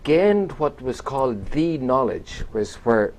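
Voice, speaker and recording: A man's voice: mid-range voice, sing-song, slow. Man telling a long story. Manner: rambling anecdotal storytelling with quoted voices. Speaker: guest. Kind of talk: storytelling in a radio chat.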